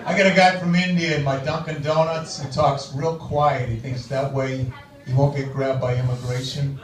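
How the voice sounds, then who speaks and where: A male stand-up comedian, brash and profane, swinging between muttering asides and shouted lines in a comedy club. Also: medium pitch, little pitch movement, moderate pace. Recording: distant echoey club recording with loud crowd.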